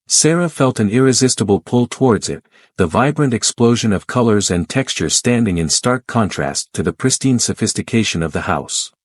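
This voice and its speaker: Male storyteller, low register, measured delivery, dry close recording. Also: dry recording. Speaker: narrator. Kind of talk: scripted story narration.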